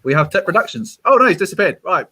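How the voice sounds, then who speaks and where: A man's voice: high voice, animated, fast, creaky, background noise. A man with a British accent hosting a casual group livestream, chatty and self-mocking, laughing often. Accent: British English. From Britain. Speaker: stream host.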